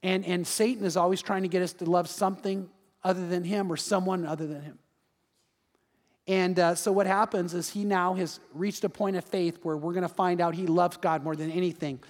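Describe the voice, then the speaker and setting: A pastor giving a lively sermon with frequent asides and repeated words. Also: male voice, high-pitched, a little fast, long reverb tail.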